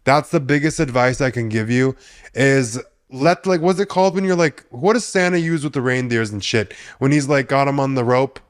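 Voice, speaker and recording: A man's voice: medium pitch, normal speed. A man hosting a solo podcast, giving blunt, profane advice and laughing often at his own jokes. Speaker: podcast host. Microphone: podcast mic.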